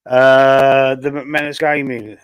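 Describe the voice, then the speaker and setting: Coughing and a little choked, a Cockney man from London chats on a football fan stream, going through viewer comments and thinking aloud in a rambling, filler-heavy way. His voice is smooth and mid-range, level in tone and slow, with no echo.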